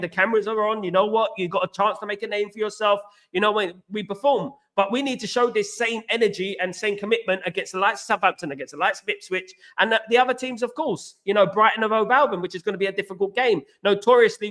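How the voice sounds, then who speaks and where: Hosting a football reaction livestream, this East London Cockney speaks high and bright with a sharp ring, reading out comments as they come in. He's chatty and worked up, giving viewers name shoutouts and falling back on familiar catchphrases over and over.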